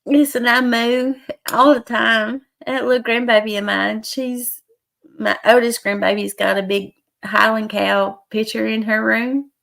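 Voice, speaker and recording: A hoarse middle-aged woman, hosting a casual livestream chat with viewers and laughing often. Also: on the high side, little pitch movement, a little slow, a bit bright. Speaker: livestream host.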